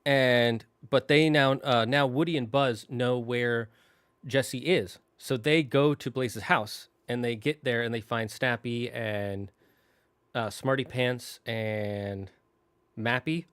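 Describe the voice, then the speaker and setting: A man's voice: medium pitch, steady tone, takes it slowly, a bit bright, clean tone, dry recording. Dry-voiced man rambling through a recap. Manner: rambling, self-correcting storyteller; emotional, tearing up. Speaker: gaming channel host. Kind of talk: casual plot recap.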